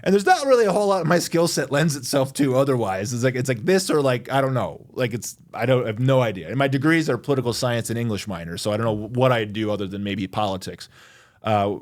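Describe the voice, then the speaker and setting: A Michigan lawyer in his forties chats as a guest in a casual interview, loose and self-deprecating with plenty of fillers. His voice is medium-pitched and expressive, and he talks at a quick pace.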